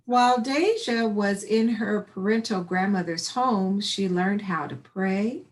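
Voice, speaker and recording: A woman reading a children's picture book aloud in a slow, encouraging way. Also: medium pitch. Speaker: storybook reader. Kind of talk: children's story read-aloud.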